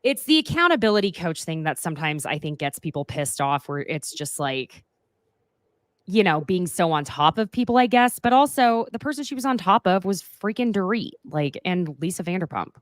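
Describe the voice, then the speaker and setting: A young woman hosting a casual recap chat, talking quickly with sarcastic asides and frequent laughs. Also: lowish voice, sing-song, no echo. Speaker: podcast host.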